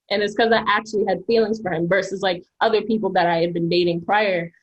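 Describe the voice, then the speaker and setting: A woman's voice: mid-range voice, steady tone, a little fast, husky, lo-fi sound. A woman on a podcast panel telling stories in a chatty way, full of "like" and "um". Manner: chatty, storytelling, frequent "like" and "um". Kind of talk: casual debate chat.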